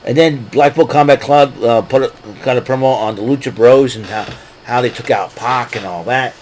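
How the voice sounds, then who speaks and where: Male host, mid-pitched, loose rambling recap with laughs and a faint background hum. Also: moderate pace, darkish tone, rough recording. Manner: rambling, laughs often, hesitant fillers. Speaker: podcast host recapping wrestling. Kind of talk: casual recap.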